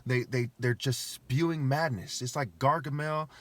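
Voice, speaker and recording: A man's voice: mid-range voice, measured pace, fairly bright tone. A man talking alone to camera in a rambling, emphatic monologue, repeating himself and firing off rhetorical questions.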